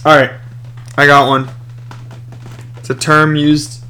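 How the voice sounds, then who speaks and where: A man's voice: a little high, flat delivery, takes it slowly, pushed and bright. A tipsy man co-hosting a casual podcast, joking and swearing. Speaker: podcast co-host. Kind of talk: casual chat.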